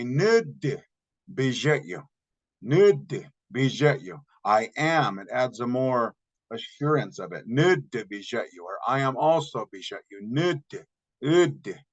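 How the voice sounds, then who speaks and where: A man teaching a recorded language lesson, slowly repeating example words and explaining the grammar step by step. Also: medium pitch, lo-fi sound. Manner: patient, slow repetition of example words.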